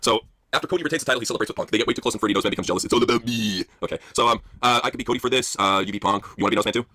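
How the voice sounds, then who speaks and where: Husky bright guy hosting, talks super fast, dry sound. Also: lowish voice, no room sound. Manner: reads listener prompts, laughs often. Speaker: podcast host. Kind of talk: casual chat.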